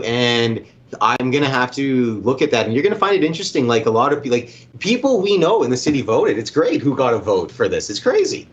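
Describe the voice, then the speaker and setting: A man's voice: mid-range voice, fairly bright tone, lo-fi sound. A man with a Canadian accent co-hosting a sports show, chatty and agreeable, jumping between topics. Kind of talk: casual sports talk.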